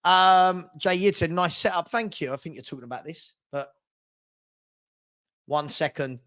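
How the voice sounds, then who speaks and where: With a somewhat high, slightly bright voice and a measured pace, a man hosts a casual live football stream. He reads viewer comments aloud in a rambling, chatty manner, restarting himself often.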